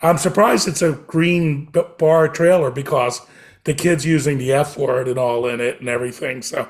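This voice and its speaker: A man co-hosting a film podcast, chatting excitedly with many ums. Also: on the high side, normal speed. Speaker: podcast co-host reviewing films. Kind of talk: casual chat.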